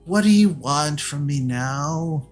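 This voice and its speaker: A man's voice: on the high side, lively intonation, slow pace, soft background music, pitched above the performer's own voice. A man doing a weary old grandmother. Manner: tired, resentful, pleading.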